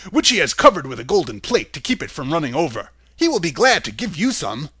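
A man's voice: a little high, big pitch swings, quick pace, sharp tone, slightly rough, no echo, exaggerated voice. A man voicing a grown farmer who explains things confidently and matter-of-factly. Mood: reassuring.

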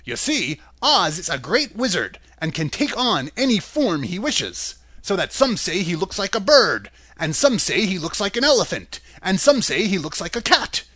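A man's voice: sits high, very animated, moderate pace, few pauses, sharp tone, dry recording, voice pushed up, exaggerated voice. A man voicing a grown farmer who explains things confidently and matter-of-factly. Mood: explaining.

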